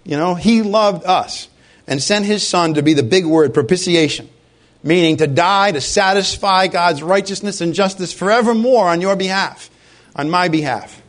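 A man's voice: high voice, normal speed. A man preaching a sermon with passion, firing rhetorical questions at his congregation. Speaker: pastor.

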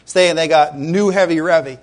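A middle-aged man from Rhode Island preaching a sermon as a pastor, conversational and animated, with frequent asides to the congregation. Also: fairly high pitch, moderate pace.

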